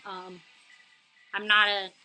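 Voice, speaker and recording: A woman's voice: mid-range voice, level tone, slow, pushed and bright, soft background music, rough recording. A young woman from New York with a light New York accent and a touch of Boston, chatting casually and laughing often on an art live stream.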